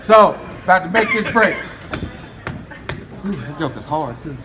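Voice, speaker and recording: An American man with a high voice tells stories to a live audience and laughs often at his own jokes. His voice rings out in an echoey event hall, and there is a lot of background noise. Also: expressive, a little slow. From United States. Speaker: motivational speaker. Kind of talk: humorous storytelling speech.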